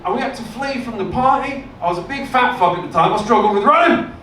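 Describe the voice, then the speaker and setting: A stand-up comedian tells his stories deadpan and lands punchlines in a high voice. He is heard from a distance in a roomy club, with live-room noise behind him. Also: fast talker.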